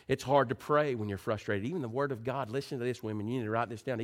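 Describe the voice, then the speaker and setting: A man preaching, easygoing and folksy as he tells family stories to his congregation. His pitch sits in an ordinary middle range, and he sometimes sinks into a hushed, low voice for prayer. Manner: folksy storytelling, swings loud and high into playful mimicry; drops soft and low for prayerful passages. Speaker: pastor. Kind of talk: sermon.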